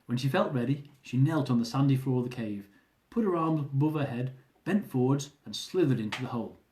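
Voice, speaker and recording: A man reading his own travel memoir aloud in a lively, amused storytelling manner, often chuckling. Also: medium pitch, brisk, reverberant.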